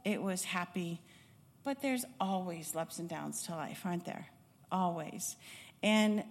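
A middle-aged woman from Chicago recounts her years as a pediatric nurse in an unhurried, reflective way, pausing often to find her words. Her voice sits at an ordinary pitch for a woman. A long hall reverb trails behind every phrase. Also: a little mellow. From Chicago, United States. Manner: reflective, unhurried storytelling with frequent hesitations. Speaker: former pediatric nurse and nursing instructor. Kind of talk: personal life-story talk.

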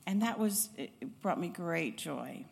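A middle-aged woman from Chicago, a former pediatric nurse and instructor, tells her life story in a reflective, unhurried way, often pausing with hesitations. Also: on the low side, expressive, creaky, darkish tone. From Chicago, United States. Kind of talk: personal life-story talk. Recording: long hall reverb.

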